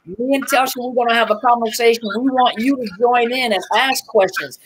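A woman's voice: a little high, fairly even intonation, brisk. A woman with a Southern US accent hosting a casual livestream, greeting viewers by name with lots of fillers. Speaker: livestream host and coach.

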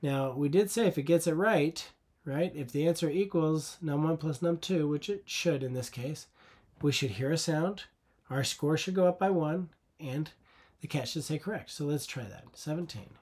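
A man's voice: on the high side, moderate pace, a little mellow, slightly rough. A man teaching a coding lesson over a screen recording, patient and conversational, often asking the viewer rhetorical questions.

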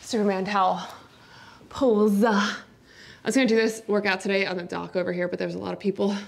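A breathy, husky-voiced woman coaching a workout at a middle pitch while doing it herself. She is winded from the effort and keeps up upbeat cues and countdowns. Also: level tone, brisk. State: out of breath from exercising. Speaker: fitness coach. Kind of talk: follow-along workout instruction. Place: indoors, not outside.

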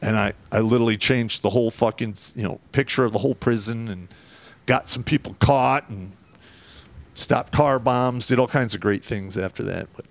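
A man, a military veteran, telling war stories in a casual, profane and animated way. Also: medium pitch, moderate pace.

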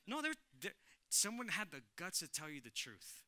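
A male pastor giving a lively sermon in church, repeating phrases and calling out to the congregation. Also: high voice, quick pace, smooth. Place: church sanctuary.

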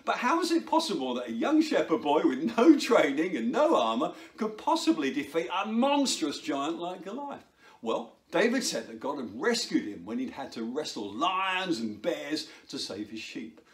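A man presenting to children in a playful, excitable way, joking and laughing while he juggles. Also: fairly high pitch, moderate pace. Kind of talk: energetic talk to children.

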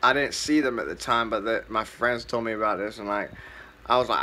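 Young man, casual and profane, rambling vlog storyteller, bright voice, faint background noise. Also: mid-range voice, steady tone, brisk. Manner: laid-back, profane, rambling with many fillers. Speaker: vlogger.

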